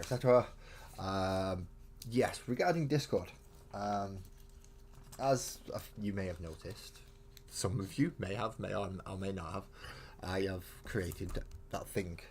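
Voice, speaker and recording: A man with a deep, low voice hosts a casual live stream from his home hobby room. He rambles and thinks aloud, often breaking off and restarting mid-sentence. A faint hum sits behind him. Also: a little mellow. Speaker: host of a live miniature-painting stream.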